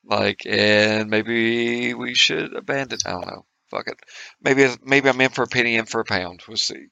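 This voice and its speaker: A man's voice: mid-range voice, normal speed, gravelly, sharp tone, dry recording, dull audio. A man playing a tabletop game, swearing and thinking aloud. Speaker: player. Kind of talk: casual tabletop play.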